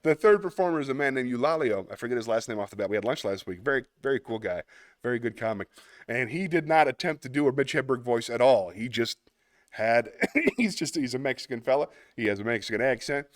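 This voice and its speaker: Male host, casual live-stream chat, rambling and upbeat, mid pitch, dry close sound. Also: quick pace, no echo. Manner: chatty, rambling, laughs often, animated bursts.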